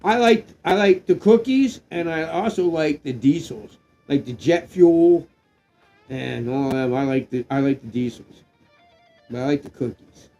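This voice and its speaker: A man's voice: a little high, unhurried, lo-fi sound, faint music behind. Tipsy rambling man on a livestream. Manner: rambling, loose and excitable, swearing, drifts into shouts. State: getting drunk. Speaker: live stream co-host. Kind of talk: casual livestream chat.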